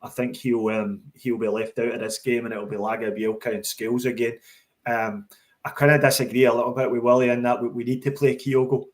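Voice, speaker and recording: A man's voice: medium pitch, flat delivery, brisk. Emphatic man arguing football points. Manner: emphatic, repeats words as he restarts. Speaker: podcast co-host. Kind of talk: casual football chat.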